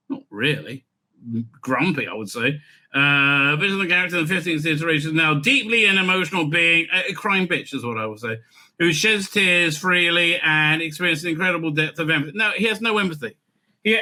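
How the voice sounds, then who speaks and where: A man's voice: a little high, pushed and bright. A man reading an article aloud and breaking in with sarcastic, scornful, profane asides. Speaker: online commentator.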